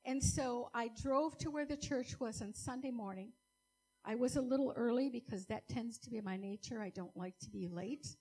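A woman's voice: fairly high pitch, darkish tone, slight background noise, low-quality recording. A woman giving an earnest, emotional church testimony, speaking directly to a congregation.

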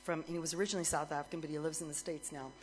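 A middle-aged woman worship minister telling a lively story as part of a sermon, getting more excited and louder as it goes. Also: sits low, racing, soft background music, rough recording. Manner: animated storyteller, grows excited and loud, laughs.

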